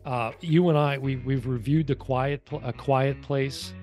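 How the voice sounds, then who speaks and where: A man's voice: medium pitch, steady tone, unhurried, a little mellow, faint music behind. A man co-hosting a casual review chat, speaking loosely with lots of "you know" fillers. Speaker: podcast co-host reviewing a TV series.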